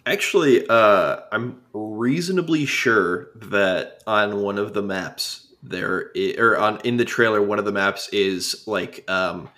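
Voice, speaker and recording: A man chatting casually on a gaming podcast, halting with restarts and "uh"s. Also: lowish voice, a bit bright. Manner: hesitant, stammers and restarts. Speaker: podcast co-host. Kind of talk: casual chat.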